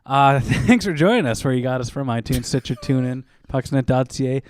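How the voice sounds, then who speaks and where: A male podcast co-host with a smooth, clear voice at an everyday middle pitch. He drops dry one-liners and reads out plugs in a relaxed, conversational way. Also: fairly quick. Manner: dry quips and interjections, reading show plugs. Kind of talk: casual chat.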